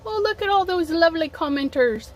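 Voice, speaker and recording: A middle-aged woman hosts a casual craft livestream from home on her phone, chatting as she sets up and reading out viewer comments. Her very high voice is brisk with lively intonation, she's a bit sniffly from allergies, and there's a little hiss or hum.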